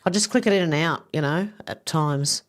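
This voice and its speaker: A woman's voice: low voice, normal speed, loud music behind the voice. A woman, giving casual, opinionated commentary with rambling asides. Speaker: video commentator. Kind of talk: casual commentary reading out social posts.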